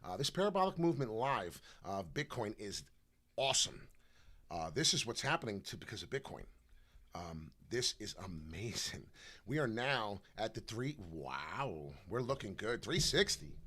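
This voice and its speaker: Man, New York accent, crypto streamer, brash and rambling, lively swinging pitch, slightly husky low voice. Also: moderate pace. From New York / New Jersey. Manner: brash, rambling, excitable, swings from loud to muttering. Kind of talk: casual live stream chat.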